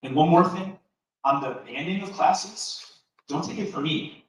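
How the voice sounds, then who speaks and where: A man's voice: on the high side, measured pace. A man giving a prepared public comment at a board meeting, earnest and persuasive. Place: large meeting room. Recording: echoey hall from far off, faint noise.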